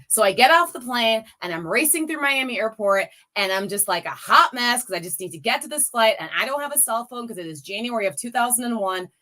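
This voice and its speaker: A woman's voice: fairly high pitch, expressive, brisk, few pauses, bright, forceful tone. A woman in her forties, a guest speaker on a campaign call, telling a personal story with emotion and rallying her listeners directly. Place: lives in the US Midwest.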